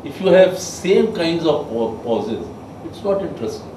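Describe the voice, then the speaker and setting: A man giving a soft skills lecture to a class, emphatic and quizzing his listeners. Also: on the high side, sing-song, unhurried, a little hiss or hum. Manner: emphatic, asks the class questions. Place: training room with a class. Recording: echoey room, mic far off.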